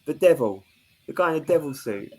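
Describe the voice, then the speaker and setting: A man's voice: a little high, animated, a little fast, warm tone, slightly rough. A man co-hosting a casual podcast, rambling along with lots of "like" and "you know". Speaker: podcast co-host. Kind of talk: casual chat.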